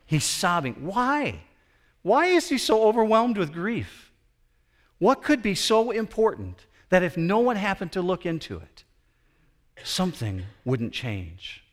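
A man preaching a sermon from the United States, dramatic and building to emphatic peaks. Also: mid-range voice. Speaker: pastor.

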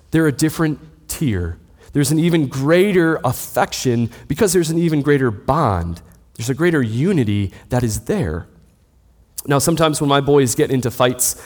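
Man preaching in a reverberant hall. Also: medium pitch. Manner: steady teaching tone with rhetorical questions. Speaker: pastor. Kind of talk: sermon.

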